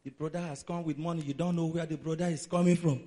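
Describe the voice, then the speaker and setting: A man's voice: on the high side, fairly even intonation, quick pace, dark tone. A man preaching a sermon in a dramatic, emphatic way.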